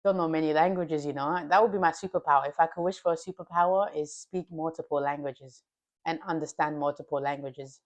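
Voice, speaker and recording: A futures trader livestreams casually with her viewers, swearing freely and talking herself through a review of her trading day in a reflective, self-coaching way. Her low voice moves fairly quickly with fairly even intonation, and the audio has its highs cut off.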